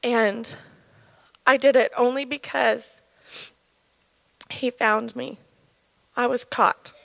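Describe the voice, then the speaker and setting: A woman in her thirties giving an earnest, halting personal testimony at church, her voice shaken with emotion. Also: a little high, steady tone, gravelly, fairly bright tone, no room sound, poor audio. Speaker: church speaker sharing testimony.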